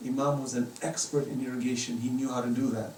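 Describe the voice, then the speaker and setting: A man's voice: mid-range voice, flat delivery, fast talker, a little mellow, a little hiss or hum. A middle-aged man giving an impassioned religious lecture in a private home, pressing his points with emphatic rising questions. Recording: roomy echo, distant from the mic.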